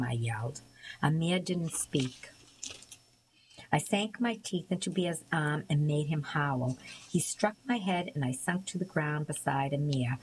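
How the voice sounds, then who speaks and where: Low female narrator, measured audiobook read, light hiss. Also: poor audio. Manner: measured, even storytelling with occasional small slips. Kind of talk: scripted narration.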